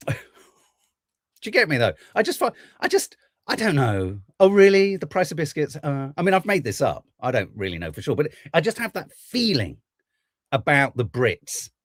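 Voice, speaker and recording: A man's voice: mid-range voice, wildly swooping pitch, normal speed, fairly bright tone, no echo, clean studio sound. A man hosting a podcast, ranting through political commentary with plenty of swearing. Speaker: podcast host.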